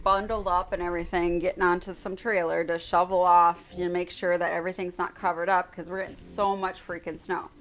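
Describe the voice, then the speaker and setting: Chatty woman co-host, rambling storyteller, soft music underneath. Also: on the low side. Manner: rambling storyteller, many fillers. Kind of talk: casual livestream chat.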